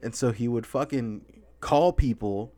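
A man hosting a podcast in casual chat, laughing often and acting out friends in quick voices. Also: medium pitch, mellow. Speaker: podcast host.

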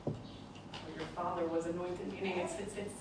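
A woman's voice: on the low side, level tone, moderate pace. Woman student, thoughtful answers, distant mic, heavy echo and noise. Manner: thoughtful, offering examples. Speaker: student in the class. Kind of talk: classroom discussion. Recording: distant, echoey, loud background noise.

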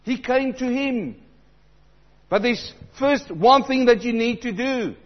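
A man preaching a sermon, swinging between loud emphatic passages and low, quiet asides. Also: slow pace, lo-fi sound.

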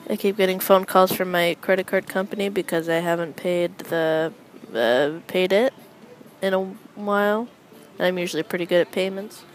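A young woman with a slightly low voice chats on her own into a close microphone. Her asides are wry and deadpan as she rambles, and a faint hum of ambience sits behind her. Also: normal speed, poor audio. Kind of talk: casual solo chat commenting on passersby.

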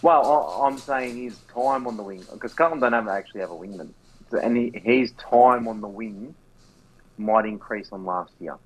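A man chats casually on a fantasy football podcast. His voice sits a touch low and has a husky edge. He talks loosely, with swearing and easy laughs. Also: moderate pace, low-quality recording. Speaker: podcast co-host.

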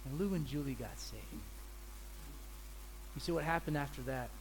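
High-voiced pastor telling lively stories. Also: male voice, normal speed, gravelly, a little hiss or hum. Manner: animated storyteller, acts out people's voices. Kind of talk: sermon with storytelling.

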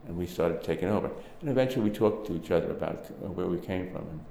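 A gravelly, mellow low voice belongs to an older Brooklyn native with a Brooklyn accent, speaking fast as he rambles through anecdotes stuffed with fillers for an oral history interview. The room is echoey, with a little hiss or hum.

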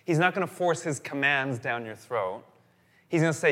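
A man's voice: a little high, brisk. A man preaching a sermon as a pastor, telling stories animatedly and repeating phrases for emphasis. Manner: animated storytelling, repetitive phrasing.

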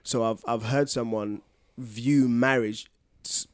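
A man co-hosting a podcast in casual chat, telling lively stories and breaking into loud laughs. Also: medium pitch, takes it slowly, smooth, no room sound, studio quality. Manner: animated storyteller, bursts into loud laughter. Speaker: podcast co-host.

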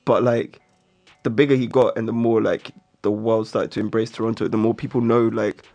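A man's voice: lowish voice, little pitch movement, normal speed, dark tone, faint music behind. A man co-hosting a casual chat, arguing his point insistently with plenty of slang.

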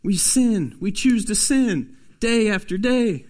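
A man preaching a sermon as a pastor, swinging from loud, emphatic pushes to soft, hushed asides. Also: sits high, animated, takes it slowly.

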